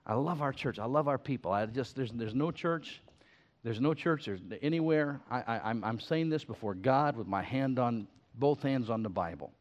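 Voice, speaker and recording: An older male pastor preaching a sermon, folksy and animated, stumbling over his words and restarting as he goes. His voice sits at a middling pitch. The recording is slightly muffled. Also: normal speed. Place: church.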